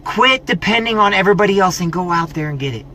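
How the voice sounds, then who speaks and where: A man's voice: high-pitched, expressive, fast, sharp tone, a little hiss or hum. A middle-aged man giving a preachy, scolding motivational pep talk, mocking people's excuses. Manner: preachy, scolding, mocks excuses in whiny voices. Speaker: motivational vlogger.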